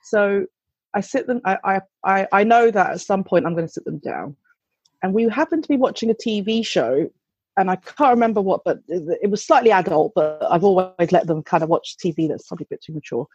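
Husky-voiced mum telling a candid story. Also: female voice, fairly low pitch, a little fast, a little mellow, no room sound, lo-fi sound. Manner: candid, chatty storytelling with swearing and restarts. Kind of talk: casual anecdote.

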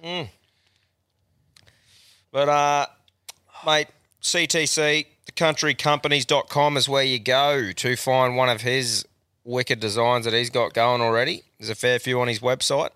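A man's voice: mid-range voice, level tone, unhurried, sharp tone, smooth, no echo, clean studio sound. A man hosting a casual podcast, laid-back, laughing often and swearing freely. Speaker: podcast host. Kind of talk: casual chat.

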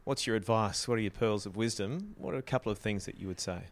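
An Australian man hosting an interview, asking a closing question in a relaxed, thoughtful way. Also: fairly low pitch, fast talker. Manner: relaxed, thoughtful, rephrases as he goes. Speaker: interview host.

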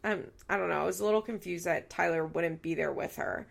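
A woman in her thirties hosts a recap podcast with a heavily gravelly, fry-laden voice. She sounds tearful yet blunt, swearing freely and doubling back on her own sentences. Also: on the low side, fairly quick. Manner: blunt and profane, rambling with self-corrections. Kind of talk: candid casual chat.

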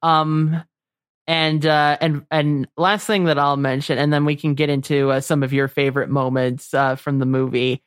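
A man co-hosting a podcast in casual chat, enthusiastic and halting, with frequent fillers. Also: on the high side, flat delivery, clean tone, dry recording, clean studio sound. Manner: enthusiastic, hesitant with many fillers. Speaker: podcast co-host.

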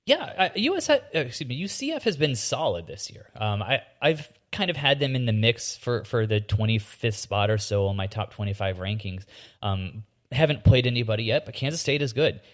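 A man's voice: medium pitch, big pitch swings, fairly quick. A man guesting as a college football analyst, giving earnest analysis with frequent restarts. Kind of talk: sports analysis.

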